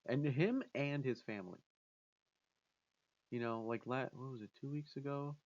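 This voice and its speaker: A man's voice: medium pitch, normal speed. Give me a man rambling through casual vlog commentary, a bit muffled and lo-fi. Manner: rambling, with many restarts and acted-out quotes. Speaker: wrestling commentator vlogger.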